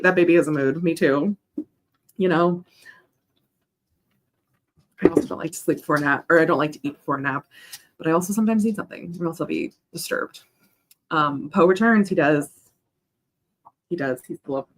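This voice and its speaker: A woman's voice: sits low, slight background noise. A young woman hosting a casual co-working stream. She rambles between chat messages and coos at her dog. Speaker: writing livestream host.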